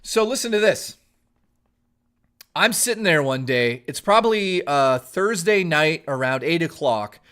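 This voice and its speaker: Young man from Toronto, casual streamer storyteller, voice sitting a bit high, swearing freely and rambling with restarts. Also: animated, a little slow, a bit bright.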